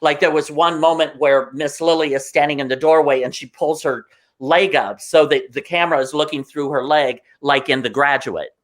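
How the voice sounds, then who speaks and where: Excitable man telling stories. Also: fairly high pitch, normal speed. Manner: excitable, emotional, acts out voices in anecdotes. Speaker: guest performer. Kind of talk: animated interview storytelling.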